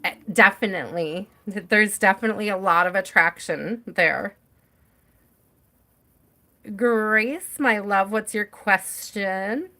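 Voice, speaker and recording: A woman giving a live tarot reading in a relaxed, chatty way. She giggles easily and speaks straight to her viewers by name. Her voice sits at a middle pitch. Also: slow. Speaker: tarot reader.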